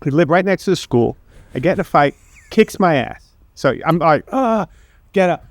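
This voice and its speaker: High-voiced guy rambling through a story, laughs, swears, animated pitch. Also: normal speed, no room sound. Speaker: podcast co-host. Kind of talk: casual anecdote telling.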